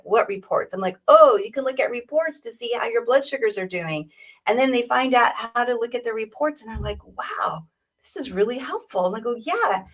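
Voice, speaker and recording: Woman coach talking on a video call, easygoing, mic kinda distant. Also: mid-range voice. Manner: warm, conversational, acts out patient exchanges. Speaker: diabetes educator. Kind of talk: webinar talk.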